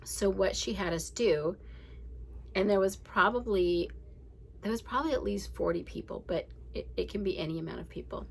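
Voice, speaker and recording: A woman's voice: mid-range voice, normal speed, vocal fry, husky, low-quality recording. A candid woman in her forties who hosts a daily reading podcast, talking in a casual, reflective, rambling way with laughs. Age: 40s.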